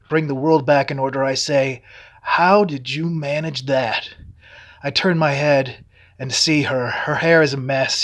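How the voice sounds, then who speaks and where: A male author reading his own novel aloud in steady first-person narration. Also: mid-range voice.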